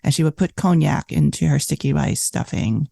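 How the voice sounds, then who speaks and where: A woman in her fifties, a cookbook author telling animated food stories in a casual interview, full of "like" and "you know". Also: sits low, moderate pace, vocal fry, slightly rough, no echo.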